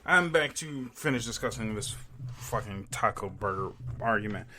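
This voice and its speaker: A man's voice: lowish voice, expressive, normal speed, sharp tone. A young man hosting a solo podcast, ranting casually and emphatically with plenty of swearing. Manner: profane, emphatic, ranting with laughs. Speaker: podcast host. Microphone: home podcast mic.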